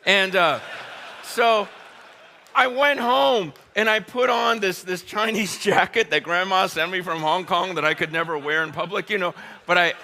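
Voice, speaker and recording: Man, high voice, bright tone, animated sermon storytelling, laughs a lot, talks to the crowd as "you guys". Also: normal speed. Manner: animated, laughing often while telling the story; addresses the audience directly.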